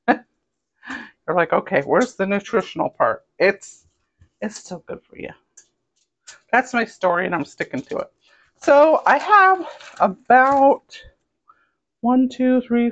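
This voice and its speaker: A woman's voice: medium pitch, muffled recording. A woman with a light Southern US accent, chatting casually as a cooking vlogger, rambling and savoring food aloud.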